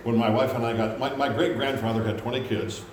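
A man preaching a sermon, animated, acting out quotes in loud high voices. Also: brisk. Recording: very echoey room with faint background hum.

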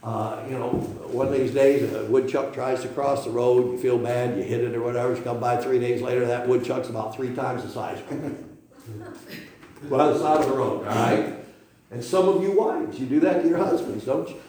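A man's voice: medium pitch, moderate pace, dark tone, slight background noise. A middle-aged man preaching a sermon as pastor, emphatic, firing rhetorical questions and tagging points with "okay?". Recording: very echoey room.

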